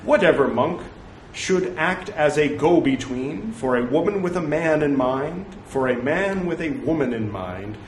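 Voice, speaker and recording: A man reads scripture aloud slowly, and his pitch rises and falls a lot. He drops in wry, joking asides between passages. The sound is roomy, with faint ambience. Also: expressive, slight background noise. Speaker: reader of scripture.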